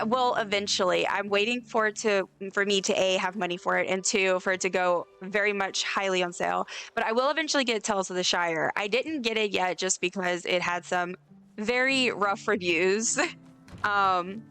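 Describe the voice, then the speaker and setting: Bright, chatty woman streamer. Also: mid-range voice, moderate pace, smooth. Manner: effusive, chatty, reads chat aloud. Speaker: livestreamer. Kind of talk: casual live-stream chat while gaming. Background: faint game music.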